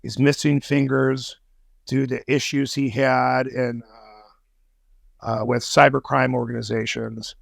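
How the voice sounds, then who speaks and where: A man's voice: mid-range voice, level tone, unhurried, creaky, no echo. A man guesting on a podcast, telling a story in casual talk, swearing freely and using street slang.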